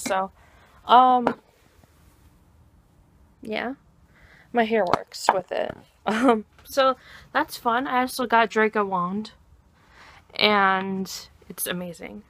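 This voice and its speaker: A woman's voice: a little high, fairly bright tone. A young American woman talking casually in a cosplay vlog, rambling and giggling, with lots of ums. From United States.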